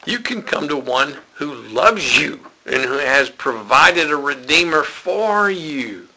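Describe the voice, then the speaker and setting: A man's voice: medium pitch, lively intonation, a little slow, hardly any pauses, bright, forceful tone, slight background noise, low-quality recording. A man preaching a sermon in a church, folksy and conversational.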